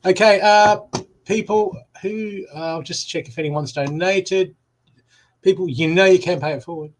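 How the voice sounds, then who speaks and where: Chatty man, high voice. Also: moderate pace, poor audio. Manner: chatty and rambling, laughing and talking to viewers. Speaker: psychic reader hosting a live stream. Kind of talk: casual live-stream chat. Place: home room.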